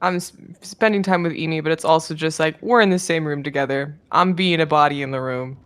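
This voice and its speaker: A woman's voice: low-pitched, fairly quick, fairly bright tone. A woman playing a tabletop game, chatting in a friendly way about her character. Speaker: player. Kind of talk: casual tabletop game play.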